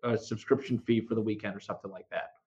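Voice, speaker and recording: A man's voice: on the low side, steady tone, darkish tone. A man hosting a comics podcast, chatting casually and restarting his sentences often. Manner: halting, many restarts. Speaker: podcast host. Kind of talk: casual chat. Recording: dull lo-fi audio.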